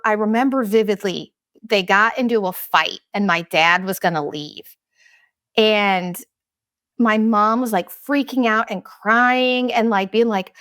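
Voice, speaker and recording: A woman in her thirties talks straight into the mic, blunt and unfiltered, swearing freely as she opens up about personal matters. Her voice sits at a middle pitch, and the sound is dry and close with no room around it. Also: fairly bright tone, no echo. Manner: blunt, profane, confessional. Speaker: podcast host. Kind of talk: candid casual monologue.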